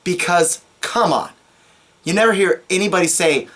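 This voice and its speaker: A woman's voice: fairly low pitch, expressive, normal speed, a bit bright. A woman giving casual, ranting commentary on her own comedy skit, exasperated and self-critical. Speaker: commentary video creator.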